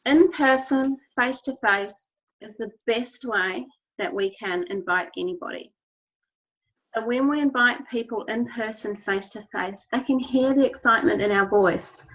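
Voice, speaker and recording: A wellness business trainer addresses her team in an instructional talk, earnest and encouraging, and she keeps repeating key phrases. Her voice sits on the high side with a fairly bright tone, and she speaks at a measured pace. The recording is dull and lo-fi.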